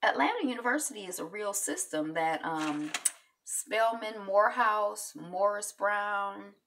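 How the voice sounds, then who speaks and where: A woman casually recapping a TV episode, chatty and loose, with lots of ums and quick asides. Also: mid-range voice, a bit bright, far from the mic, a little hiss or hum. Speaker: TV recap vlogger.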